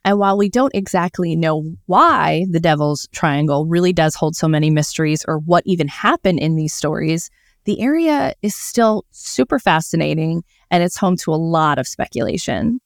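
A woman co-hosting a casual podcast, telling a mystery story in a chatty way. Her voice is low and smooth, with a lot of "um" and small restarts. The sound is close and dry, with no room around it. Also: animated, moderate pace, no echo. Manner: chatty, many fillers and self-corrections. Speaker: podcast co-host.

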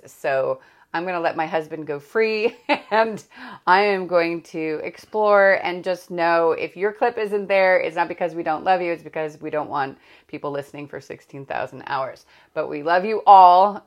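Podcast host, woman, low gravelly voice, rambling and candid, loose casual chat. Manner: rambling, self-correcting, candid.

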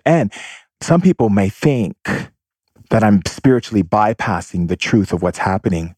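A man's voice: mid-range voice, big pitch swings, warm tone, breathy edge, no room sound. A man giving an emphatic, theatrical inspirational monologue to his listeners, stretching out words for effect. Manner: emphatic, theatrical, drawn-out and affectionate.

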